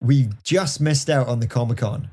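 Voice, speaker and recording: A man's voice: medium pitch, moderate pace, darkish tone. A man in his thirties hosting a podcast in casual chat, joking and bantering with puns. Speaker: podcast host.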